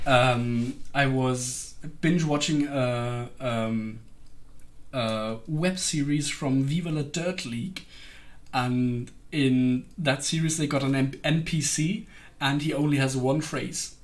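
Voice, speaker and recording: A livestreamer chats casually on stream, rambling and gushing about a web series with frequent giggles between sentences. The voice is medium in pitch and slow-paced.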